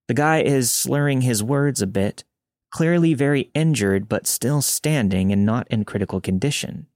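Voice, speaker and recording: A man narrating a listener's true scary story in a calm, measured reading. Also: medium pitch, no echo, studio quality. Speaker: podcast narrator.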